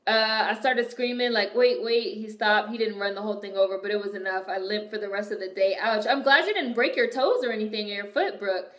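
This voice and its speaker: A young woman streaming and chatting casually with her viewers, telling animated stories full of swearing. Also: mid-range voice, fairly quick, few pauses. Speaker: streamer reacting to a movie and reading chat. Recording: echoey room.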